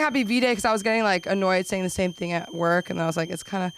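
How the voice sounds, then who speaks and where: A young woman doing an open mic stand-up set, rambling with quick self-deprecating asides. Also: on the low side, fairly even intonation, slight background noise, low-quality recording. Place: small comedy club.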